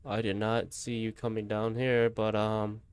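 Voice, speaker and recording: A man's voice: on the low side, level tone, unhurried, clean tone. Jumpy, swearing man playing a horror game. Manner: jumpy, swearing, nervous laughs. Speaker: gamer streaming a horror game. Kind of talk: casual gameplay commentary.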